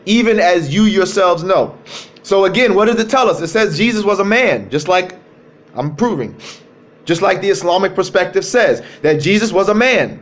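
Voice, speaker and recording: Male speaker, high-ish voice, streaming a religious talk from his phone, drives points home by repeating them. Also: expressive. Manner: emphatic, repeats key phrases, slows to stress words. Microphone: cell phone.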